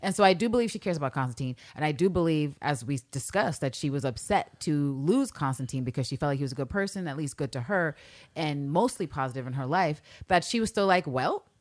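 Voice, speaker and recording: A woman with a notably low voice co-hosts a casual podcast recap. She talks in a loose, animated way, swears freely and slips into quick impressions of the characters. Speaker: podcast co-host.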